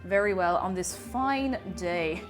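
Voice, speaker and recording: A woman's voice: fairly low pitch, takes it slowly, faint music behind. A woman streamer in casual live-stream chat, greeting viewers by name and playfully repeating phrases while she works in her home kitchen.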